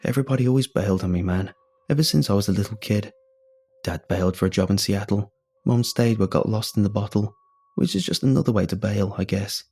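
A man's voice: lowish voice, fairly quick, mellow, slightly rough. A man voicing a laid-back young man with a slurred Southern California drawl, sheepish and mumbling. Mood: earnest.

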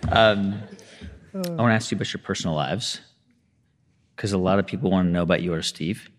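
A man hosting an interview, asking questions hesitantly with many pauses. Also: sits low, long reverb tail. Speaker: host. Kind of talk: casual interview.

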